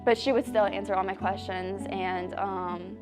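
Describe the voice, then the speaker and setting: A young adult woman, a high school student telling her story in an interview and acting out quoted voices. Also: normal speed, over loud music. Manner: animated, acts out quoted voices.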